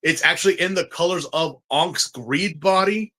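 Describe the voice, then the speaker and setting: A man in a casual podcast chat, excitable and rambling, with frequent restarts and fillers. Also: on the high side, moderate pace. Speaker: podcast co-host.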